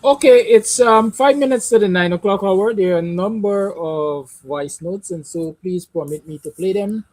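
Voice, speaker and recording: A man's voice: high-pitched, moderate pace, few pauses, a little mellow, low-quality recording. A man hosting a live call-in radio show, firm and polite as he gives plain instructions to listeners.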